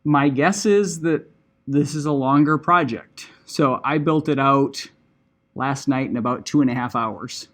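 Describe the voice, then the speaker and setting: A man's voice: mid-range voice, unhurried, a bit bright. A middle-aged man teaching a class, explaining a project in a casual, conversational way full of "like" and "right?" asides. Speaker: instructor. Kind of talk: classroom lecture.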